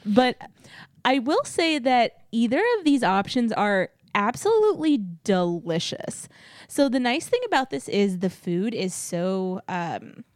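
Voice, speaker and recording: A woman's voice: medium pitch, dry recording, clean studio sound. A woman co-hosting a casual chat, teasing and giggling, with many "um"s and "like"s. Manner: teasing, giggly, lots of fillers. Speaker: co-host.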